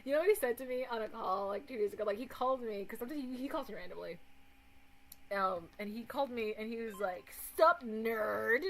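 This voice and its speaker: A woman's voice: a little high, quick pace, a little hiss or hum, rough recording. A woman streamer chatting casually as she reacts to a video, swearing and laughing often.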